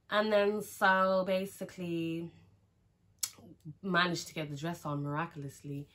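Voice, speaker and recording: A woman's voice: deep voice, fairly even intonation, normal speed, a bit bright. A young woman, chatting frankly through a casual storytime, with lots of "like" and some swearing. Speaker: vlogger.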